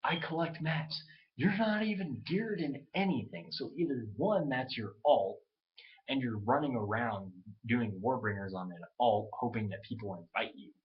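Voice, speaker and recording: A man talking straight into his webcam in a loose, worked-up rant. He swears freely and puts on other people's voices when he quotes them. His voice sits at an ordinary pitch, and the webcam audio is a little dull. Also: moderate pace. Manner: animated, profane, mimics others in quotes. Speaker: gamer ranting on webcam. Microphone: webcam mic.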